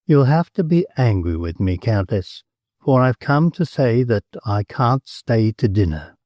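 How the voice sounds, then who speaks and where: A man's voice: medium pitch, very animated, measured pace, darkish tone, no echo, studio quality. A man voicing a big, blunt American gambler with an abrupt, muttering manner, in an audiobook. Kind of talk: audiobook character voice.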